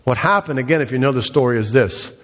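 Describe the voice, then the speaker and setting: A man's voice: medium pitch, quick pace, a bit bright. A man preaching a sermon, retelling a scripture story in a conversational, storytelling way. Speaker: pastor. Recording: dull sound with long hall reverb.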